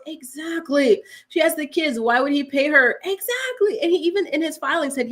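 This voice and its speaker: A woman's voice: high-pitched, animated, normal speed, few pauses, fairly bright tone. A woman hosting a live celebrity gossip show, chatting casually with many "like"s and reading out viewer comments. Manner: chatty, heavy use of "like", reads out viewer comments. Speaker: host of a celebrity news show.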